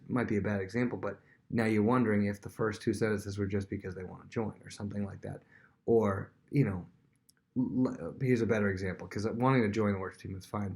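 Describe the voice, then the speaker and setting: A man's voice: fairly low pitch, steady tone, fast talker, a little mellow. Rambling man teaching a Bible lesson. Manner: rambling, restarts, everyday examples. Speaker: worship leader. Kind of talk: casual video Bible lesson.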